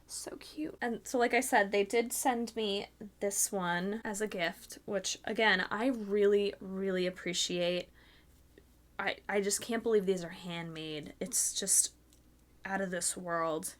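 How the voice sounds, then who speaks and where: A young woman hosting a crafting podcast, gushing and gasping excitedly as she unboxes handmade gifts. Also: medium pitch. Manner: gushing, gasping, swears mildly, fast bursts of excitement. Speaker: podcast host.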